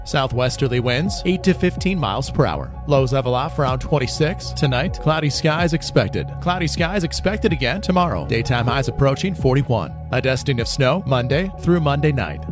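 A male meteorologist giving a scripted radio weather forecast in a measured read. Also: mid-range voice, lively intonation, over music.

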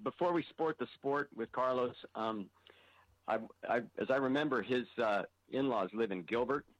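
Man, radio caller, from Arizona, hesitant, halting speech, dry sound. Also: mid-range voice, dry recording, dull audio. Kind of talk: phone-in chat.

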